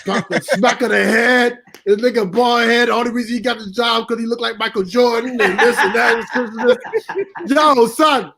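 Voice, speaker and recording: A man telling a profane, animated story with laughs, speaking on a video call. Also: extremely high pitch, moderate pace, vocal fry. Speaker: cast member guest.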